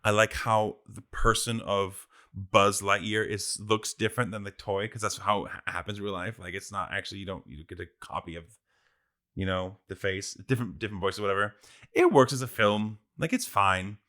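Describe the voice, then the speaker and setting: A man co-hosting a casual podcast chat, a non-native English speaker, easygoing and relaxed, with some hesitant restarts. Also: on the low side, normal speed. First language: not English. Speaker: podcast co-host.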